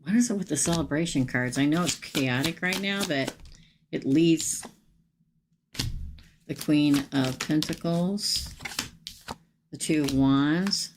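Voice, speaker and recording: Slow, low-voiced woman reading tarot. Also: background noise. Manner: chatty, warm-hearted, exclaims over cards, talks to viewers by name. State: emotional after crying all night. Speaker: tarot reader doing live readings. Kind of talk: live-stream tarot reading, casual chat.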